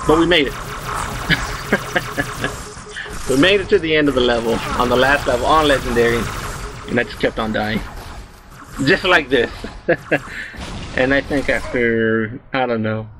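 A man in his twenties rambling through a story while commenting on his gameplay, excitable and swearing freely. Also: medium pitch, a little slow, long pauses, noisy background. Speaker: let's play host.

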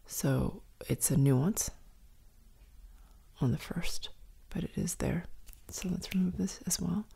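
A woman guiding a meditation in a soft, slow, often whispered voice. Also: fairly low pitch, creaky, breathy edge. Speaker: meditation guide. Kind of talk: guided meditation.

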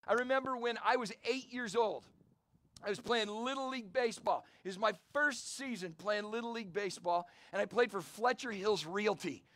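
High-voiced energetic male preacher outdoors. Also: moderate pace, dry recording. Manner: energetic storytelling preacher, calls for amens. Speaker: pastor. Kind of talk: sermon. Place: outdoor church service.

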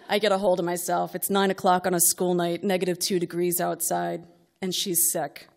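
A woman's voice: fairly low pitch, flat delivery, moderate pace, creaky. A middle-aged woman reading a comic personal story aloud to a live audience, wry and exasperated, building to outbursts.

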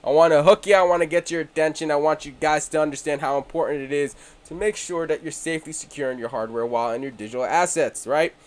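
A man hosting a crypto video, casual and brash, joking and teasing his viewers, dropping to mumbles and then bursting out loudly. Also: fairly high pitch, quick pace, few pauses. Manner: joking, brash and swaggering, swings between mumbling and shouting. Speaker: crypto channel host. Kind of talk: casual hyped promo talk.

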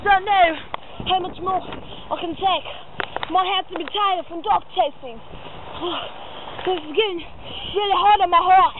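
A woman's voice: extremely high pitch, measured pace, pauses often. A woman playing a blustery, out-of-breath male wildlife adventurer with a mock Australian accent, outdoors in a spoof adventure show. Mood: hammy. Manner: hammy, blustery, shouts in alarm. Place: outdoors in hot weather. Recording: tinny lo-fi home video with noise.

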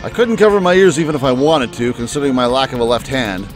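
A man's voice: medium pitch, fast, soft background music, voice pushed down, natural voice. A man reading a wounded young man's first-person narration aloud from a visual novel, in a plain, lightly dramatic way.

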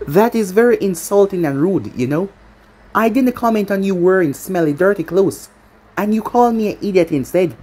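A cheeky young goblin hero talks back with sarcastic, lowered delivery, voiced by a woman. The tone is husky and lively, with a faint music bed. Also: moderate pace, lightly acted.

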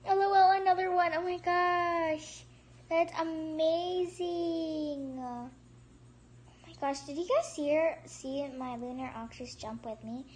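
A woman hosting a casual gameplay commentary, excitable and chatty, gasping and squealing at surprises and rambling with restarts. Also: extremely high pitch, slow. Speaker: gaming channel host.

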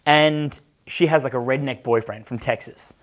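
With a mid-range voice and normal pacing, an Australian man in his thirties who works as a dating coach recounts a long story casually. Constant swearing runs through it, and he acts out everyone's voices.

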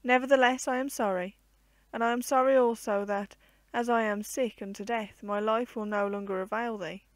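A woman's voice: a little high, steady tone, moderate pace, no echo, lightly acted. A woman voicing an aged, lonely, poor male hermit who clings to life, in solemn old-fashioned storybook speech. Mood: remorseful.

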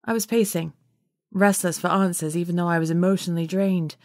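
A woman narrating an audiobook in first person with steady, measured storytelling. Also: fairly low pitch, no room sound, studio quality.

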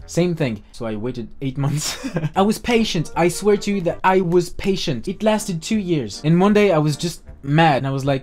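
Animated young man telling a story. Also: mid-range voice, normal speed, hardly any pauses, faint music behind. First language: French. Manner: animated, swears, voice rising when angry. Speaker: vlogger. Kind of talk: storytime vlog.

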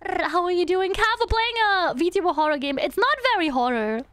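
A playful young woman streamer chats through a game, humming little sound effects. Her voice sits very high and bounces around with lively pitch. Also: fairly quick, no room sound. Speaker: VTuber streamer. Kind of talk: live gameplay commentary.

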